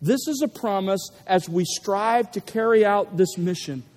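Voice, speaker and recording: A male pastor delivers a sermon with a fairly high voice, hammering key phrases with deliberate emphasis. His voice rings through a large auditorium, trailing a long reverb. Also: a little mellow. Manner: emphatic, building to stressed repetitions.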